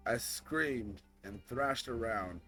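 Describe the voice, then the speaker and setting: A young man reading a story game aloud, slow narration broken by shocked outbursts. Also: mid-range voice, bright, forceful tone, faint music behind. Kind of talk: dramatic game read-through.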